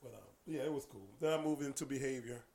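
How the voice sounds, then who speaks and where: A man telling stories in casual conversation as a podcast guest, animated, dropping into hushed asides and then loud bursts. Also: mid-range voice, quick pace, gravelly.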